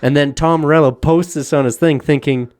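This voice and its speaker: A man's voice: a little high, steady tone, fairly quick, a little mellow, no echo, clean studio sound. A man co-hosting a casual podcast, ranting with lots of profanity and frequent laughter. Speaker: podcast co-host.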